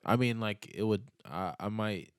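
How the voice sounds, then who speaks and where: A man's voice: fairly low pitch, moderate pace, clear, resonant tone, dry recording, studio quality. A young man chatting casually on a podcast, laid-back and slangy, rambling with lots of fillers. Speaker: podcast guest.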